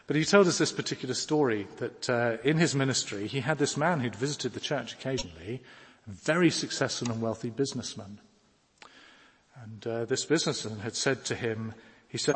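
A man delivers an earnest, pleading sermon. His voice is husky and mid-pitched. It rings out with a long reverb, as if in a large church hall. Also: fairly quick. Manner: earnest, pleading, rising to emphatic questions. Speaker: preacher. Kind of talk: sermon with storytelling.

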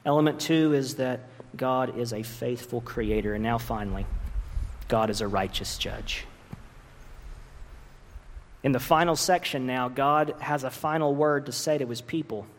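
A man's voice: mid-range voice, measured pace, pauses often, a little hiss or hum. A man preaching a sermon earnestly, with emphatic rises in his voice. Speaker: pastor. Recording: long reverb of a large hall.

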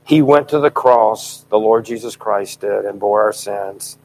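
A middle-aged man preaching a sermon in a fervent, emphatic style, his voice swelling loud at key points. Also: fairly low pitch, a little slow, rough recording.

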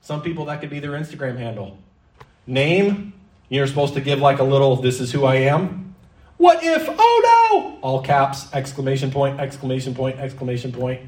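A man preaching a sermon in a church hall, lively and theatrical, sometimes slipping into mock-panicked voices. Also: mid-range voice, a little fast, far from the mic. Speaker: pastor.

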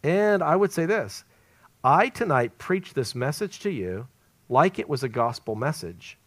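A man preaching an evangelistic sermon at a church service, swinging between loud emphasis and hushed, near-whispered lines. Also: fairly high pitch, big pitch swings, a little slow.

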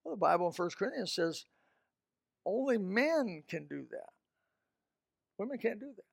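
A man preaches with a gravelly, fry-edged voice that sits high for a man. He is emphatic, jumping from loud bursts to low asides, and the close mic sounds dry with no room. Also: very animated, moderate pace, no echo. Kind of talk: sermon.

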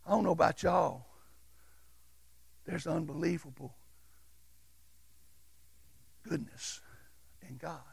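Gravelly high-voiced preacher. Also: male voice, unhurried, dry recording. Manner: folksy, storytelling preacher who swings between loud and hushed. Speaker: pastor. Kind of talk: sermon. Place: church sanctuary.

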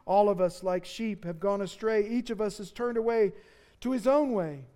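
Speaking at a moderate pace, a pastor with a high, warm male voice gives an earnest, emphatic sermon. Important phrases get dramatic upward swings.

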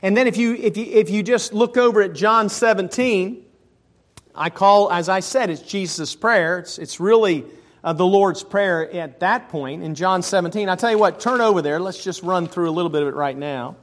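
A man preaching a sermon as a pastor in a church. He shifts between casual asides, personal stories and slower, louder scripture reading. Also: high-pitched. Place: church sanctuary.

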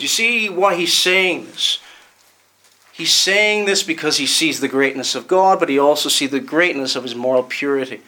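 A man preaching a sermon, emphatic, repeating words and slowing down to stress them. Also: a little high, pushed and bright.

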